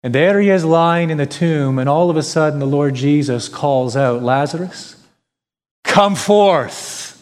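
A man's voice: on the high side, moderate pace, hardly any pauses, darkish tone. A male pastor preaching a sermon, emphatic, with rhetorical questions and repetition. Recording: long hall reverb.

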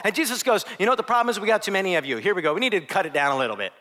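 A man in his thirties from Ohio, preaching a sermon as a youth pastor, acting out voices with big swings from soft to loud. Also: sits high, animated, rapid-fire, few pauses.

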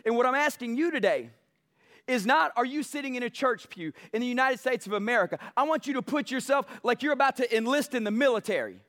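A man's voice: very high-pitched, expressive, fast talker. A male pastor preaching a sermon emphatically, building passion. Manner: emphatic, building passion, mocks soft quotes.

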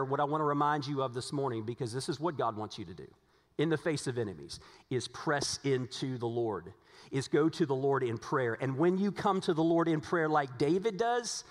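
A man's voice: mid-range voice, expressive, moderate pace, in a large hall. A man preaching a sermon as pastor, earnest and repetitive, asking his congregation rhetorical questions.

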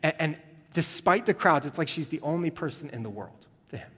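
A male pastor preaching a sermon, moving between hushed, tender passages and rising, urgent emphasis. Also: fairly high pitch, lively intonation, fairly quick, breathy edge, long reverb tail.

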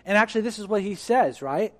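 A male pastor giving an animated sermon in a church, acting out dialogue as he preaches. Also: sits high, fast, long reverb tail. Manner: animated, acts out dialogue with God.

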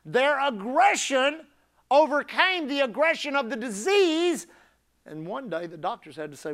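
Man preaching hard, really high voice, gets loud and shouty at the peaks. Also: very animated, measured pace. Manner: emphatic, building to shouted climaxes. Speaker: pastor. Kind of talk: sermon.

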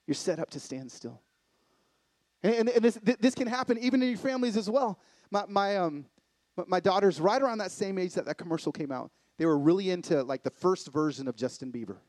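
A middle-aged man giving a sermon-style talk from a live event stage, swinging from excited loud bursts to hushed, intimate lows. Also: fairly quick, dry recording. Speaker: conference speaker.

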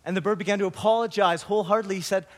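A man pastor giving a sermon, opening with a story and then preaching slowly and earnestly. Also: sits high, fairly even intonation.

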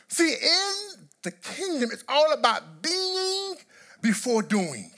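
Impassioned preacher man, lively swooping delivery. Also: very high-pitched, slow. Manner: impassioned preaching with repetitions and sudden emphatic bursts. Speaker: pastor. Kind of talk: sermon.

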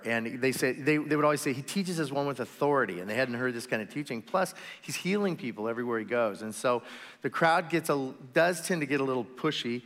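A man preaching a sermon as pastor, telling the story in a relaxed, chatty way with asides and quick voices for the people in it. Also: mid-range voice. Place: church sanctuary. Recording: long reverb of a large hall.

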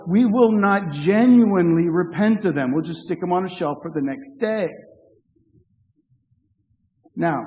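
Pastor, male, high voice, earnest sermon with jokes, church hall reverb. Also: a little mellow. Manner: earnest, with humorous asides and restarts.

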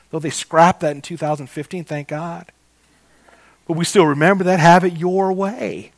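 Slow, emphatic male preacher. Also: on the high side, dry recording. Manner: slow, emphatic, repeating phrases; addresses listeners as guys. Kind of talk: sermon.

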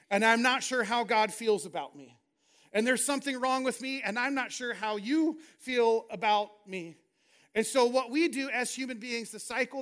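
High-voiced man preaching a sermon. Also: fairly bright tone. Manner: earnest, reads scripture and paraphrases it in a conversational preaching tone. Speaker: pastor.

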